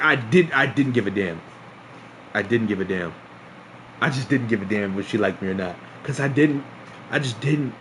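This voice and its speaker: Young guy streaming, telling a story all animated, swearing and laughing, voice jumping all over, bit of hum behind. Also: mid-range voice. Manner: animated, swears a lot, laughs often, acts out quotes loudly. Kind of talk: casual storytelling to stream chat.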